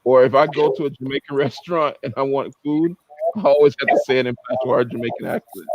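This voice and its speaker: A man's voice: mid-range voice, fairly even intonation, fast, a little mellow, lo-fi sound, a little hiss or hum. A man hosting a casual group chat on a video call, laid-back and playful, laughing often. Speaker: host.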